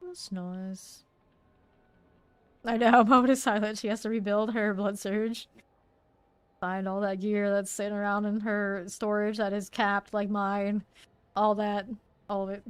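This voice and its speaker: A woman game streamer chats casually and playfully while she plays live, often laughing and exclaiming. Her medium-pitched voice has fairly even intonation, a slightly slow pace with long pauses, and a clean tone with no echo, though the recording is low quality.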